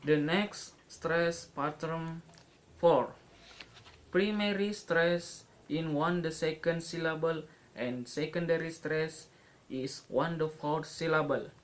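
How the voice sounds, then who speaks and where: A young man giving a classroom pronunciation lesson, halting and restarting, repeating each example word slowly. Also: a little high, fairly even intonation, rough recording. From Indonesia. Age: young adult. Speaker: student presenter.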